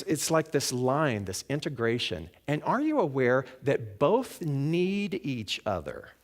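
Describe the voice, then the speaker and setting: A man speaking as a guest preacher at a spiritual center, telling a personal story in a reflective way that sinks to a hush on key lines and lifts on emphatic ones. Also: fairly high pitch. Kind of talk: storytelling sermon. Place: sanctuary of a spiritual center, before a congregation.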